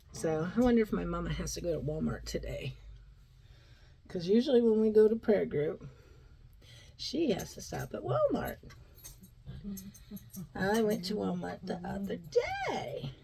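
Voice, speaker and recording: Lively chatty middle-aged woman vlogger. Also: mid-range voice, gravelly, a little hiss or hum, low-quality recording. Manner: chatty, rambling, talks to her dog in baby talk. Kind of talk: casual chat.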